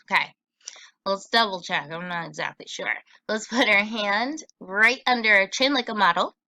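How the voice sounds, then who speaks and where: A woman teacher giving a recorded phonics lesson for children, sounding out words slowly and patiently. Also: medium pitch, bright, forceful tone, no room sound.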